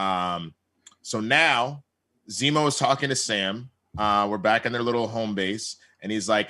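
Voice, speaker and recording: Bright-voiced guy recapping an episode, acts out all the lines. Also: on the low side, moderate pace. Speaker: podcast co-host.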